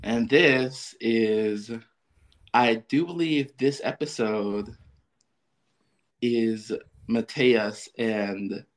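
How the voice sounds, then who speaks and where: A man's voice: medium pitch, extremely slow, pauses often. A man co-hosting a podcast, chatting casually about a TV show in a laid-back way. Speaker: podcast co-host. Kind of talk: casual TV recap chat.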